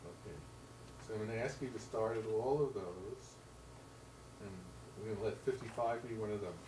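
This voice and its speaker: A man's voice: fairly low pitch, normal speed, noisy background. A man teaching a piano lesson, counting beats aloud and singing rhythms in syllables. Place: room with a piano. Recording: roomy sound, mic at a distance, loud piano. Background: piano playing.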